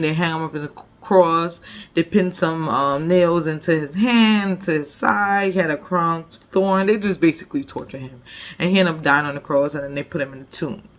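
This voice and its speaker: A woman leading a devotion, retelling a Bible story conversationally with frequent "like" and "you know". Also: sits low. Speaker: devotion leader.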